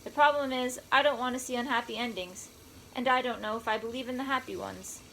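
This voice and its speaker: A woman reads a first-person story aloud, wry and conversational in tone. Her voice sits fairly high for a woman. A faint background hiss lies under the reading. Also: brisk, gravelly, fairly bright tone, rough recording. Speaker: audiobook narrator.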